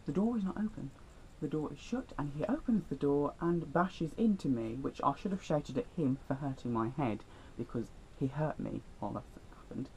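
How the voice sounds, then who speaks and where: A man's voice: a little high, normal speed, hardly any pauses, a little mellow, slight background noise, low-quality recording. A teenage boy telling school stories in a chatty, rambling, self-deprecating vlog. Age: teens. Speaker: vlogger. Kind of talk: storytime vlog.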